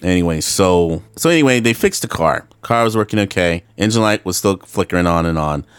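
A man's voice: low-pitched, expressive, a little fast, clear, resonant tone, dry recording. A man hosting a solo podcast, rambling and swearing with frequent laughs, slipping into voices when he quotes people. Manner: rambling, profane, laughs often; acts out voices in quoted dialogue. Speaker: podcast host. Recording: faint guitar music in background.

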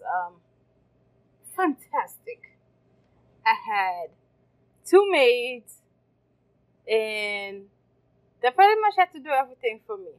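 Lively woman telling stories. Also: fairly high pitch, poor audio. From Haiti. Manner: animated storyteller, laughs often. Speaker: restaurant owner, guest. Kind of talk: casual interview chat. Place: farmers market.

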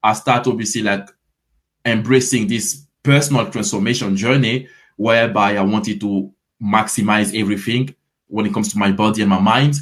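Guest, a thirties fitness coach from Ivory Coast, French accent, low and friendly, stumbles over his starts. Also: fairly even intonation, normal speed. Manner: friendly, repeats words while starting sentences. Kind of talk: interview answers.

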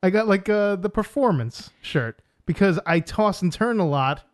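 A man from New York co-hosting a casual podcast chat, blunt and deadpan as he tells joking stories. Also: high voice, moderate pace. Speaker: podcast co-host.

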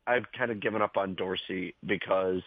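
A man's voice: low-pitched, steady tone, moderate pace, husky, no room sound. A man calling in as a guest to a sports talk show, rambling through his points. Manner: rambling, loose train of thought. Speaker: phone-in guest. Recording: tinny phone line.

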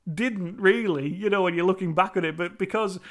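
A man's voice: sits high, fairly quick, fairly bright tone. Chatty British man reviewing a film. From United Kingdom. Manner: loose and chatty, with many restarts, casual swearing and laughter. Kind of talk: casual rambling commentary.

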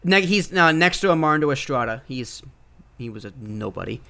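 A man's voice: medium pitch, expressive, normal speed, vocal fry, bright, forceful tone. A man co-hosting a casual podcast chat, eagerly arguing his opinions and teasing his co-host.

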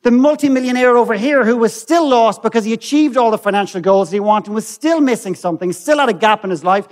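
A man's voice: very high voice, fast. An Irish man on stage telling a personal story and acting out the dialogue with the people in it. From Ireland. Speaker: speaker on stage. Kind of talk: storytelling talk.

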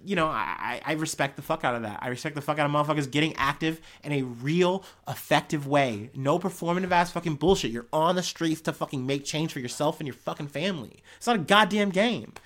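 Male podcast host, reading the news with foul-mouthed, animated asides. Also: on the high side, fairly quick, few pauses. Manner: profane, blunt, animated asides. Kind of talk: reading news articles with casual commentary.

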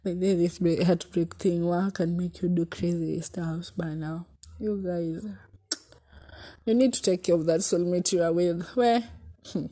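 A young woman with a Kenyan accent tells a personal heartbreak story, swinging between loud exclamations and hushed asides and slipping in Swahili. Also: lowish voice, steady tone, measured pace. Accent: Kenyan English. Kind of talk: emotional storytime vlog.

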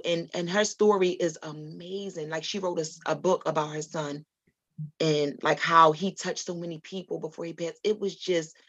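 A woman telling a personal faith story as a podcast guest, earnest and rambling, with many ums and restarts. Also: lowish voice. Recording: dull lo-fi audio.

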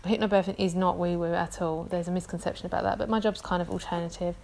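On her solo podcast, a thirtysomething London woman chats casually, wandering off topic, putting herself down and filling pauses with ums. Her voice is fairly low, steady, creaky and darkish, and she talks fast.

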